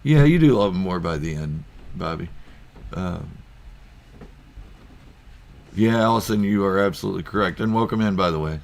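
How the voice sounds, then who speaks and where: A man's voice: low-pitched, animated, moderate pace, creaky, long pauses. A man hosting a casual live stream from home, rambling through viewer comments with lots of ums and chuckles. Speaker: YouTube channel host.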